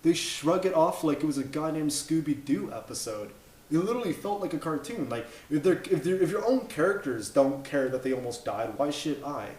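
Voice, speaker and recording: A man's voice: on the high side, expressive, fairly quick, a little mellow. A man in his thirties giving an opinionated movie review rant, blunt and exasperated, swearing and tripping over his words. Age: 30s. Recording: echoey room.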